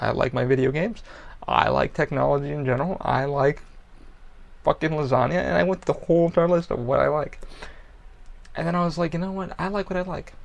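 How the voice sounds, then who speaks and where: Male podcast host, gravelly, blunt and profane, rambling casual monologue. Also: mid-range voice.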